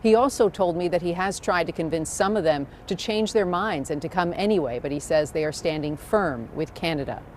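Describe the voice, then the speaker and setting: A woman reporter reads her news piece in a measured, scripted way. Her voice sits a little low. A faint hum runs under the recording. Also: darkish tone.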